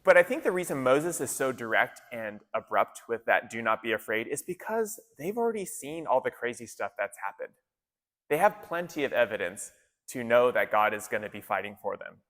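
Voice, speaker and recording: Male pastor, laid-back sermon, mid-pitched voice, echoey hall. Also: sing-song, normal speed, fairly bright tone. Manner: conversational, casual slang, frequent restarts. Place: church gathering in an arts center.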